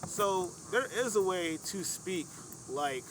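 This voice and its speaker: A man from Michigan who is a guest on a casual podcast, explaining his ideas in a thoughtful, analytical way. His voice is bright and forward, sitting slightly high for a man. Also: slow pace, slight background noise. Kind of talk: casual conversation.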